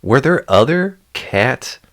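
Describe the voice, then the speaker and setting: A man's voice: mid-range voice, big pitch swings, slow pace, a bit bright. A man co-hosting a casual movie chat, asking dry, teasing questions. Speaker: podcast co-host.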